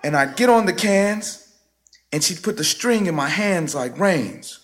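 A man performing a personal story live on stage, with a rhythmic, theatrical delivery that swings sharply in pitch and loudness. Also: lively intonation, a little slow. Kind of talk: live spoken-word storytelling. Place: stage before a live audience. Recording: live stage recording with music bed underneath.

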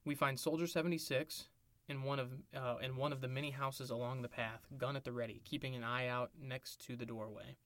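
Male podcast co-host, mid-range voice, deadpan fan-fiction reader, dry close mic. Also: medium pitch, fairly quick, hardly any pauses, no echo. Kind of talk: reading fan fiction aloud for comedy.

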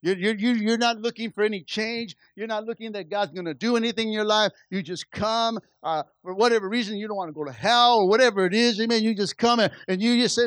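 High-voiced male pastor preaching. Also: quick pace, few pauses, a bit bright, no room sound. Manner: preaching with rising and falling intensity, many repetitions and stammered restarts. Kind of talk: sermon.

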